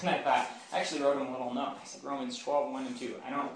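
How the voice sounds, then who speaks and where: A man's voice: mid-range voice, little pitch movement, fast, hardly any pauses, slight background noise. A man giving a conversational Bible talk to a campus group, often checking in with his listeners. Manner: informal, keeps checking in with listeners. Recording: very echoey room, mic far off.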